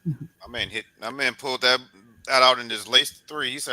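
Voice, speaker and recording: Sports podcast host, male, very bright and forceful tone, mid pitch, animated and coach-like. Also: normal speed, dry recording, rough recording. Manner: animated, beats out rhythms with repeated "boom" sounds; loose, repetitive, encouraging coach-like talk. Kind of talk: casual sports interview chat.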